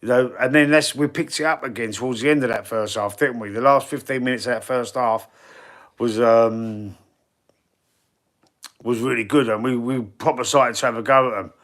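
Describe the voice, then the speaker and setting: A man's voice: medium pitch, steady tone, moderate pace, a bit bright. A man with a Cockney accent, hosting a casual live stream as a football fan, reading chat and rambling in a laid-back, slangy way. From England. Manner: chatty, rambling, repeats words and restarts. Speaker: football fan livestream host.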